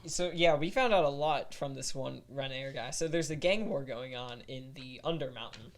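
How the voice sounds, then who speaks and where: A man's voice: medium pitch, normal speed. A man on a podcast, casually recounting his moves as a player in a tabletop game.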